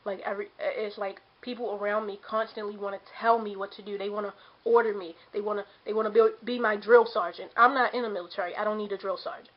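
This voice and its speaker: A woman's voice: medium pitch, steady tone, fast talker, hardly any pauses. A woman in her late twenties venting on a vlog, exasperated, repeating herself and mimicking the people who nag her. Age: late 20s. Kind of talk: ranting vlog to camera. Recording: dull lo-fi camera audio.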